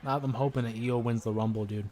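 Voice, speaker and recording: A man hosting a live stream, chatting casually and getting excited as he comments on a wrestling video game. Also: medium pitch, fast talker. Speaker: gaming livestream host. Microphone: desk microphone with headphones listeners.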